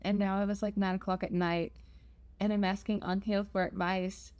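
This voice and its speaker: A woman's voice: medium pitch, level tone, moderate pace, a little mellow. A young woman telling a travel story in a chatty, self-deprecating vlog. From United States. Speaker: travel vlogger.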